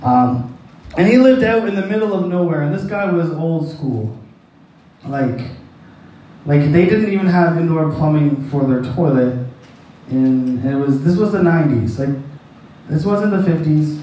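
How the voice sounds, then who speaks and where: A man's voice: a little high, animated, a little slow, mellow, a little hiss or hum. A man preaching a sermon who tells a personal story in a rambling, folksy way and laughs at his own jokes. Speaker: pastor. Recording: echoey hall, distant mic.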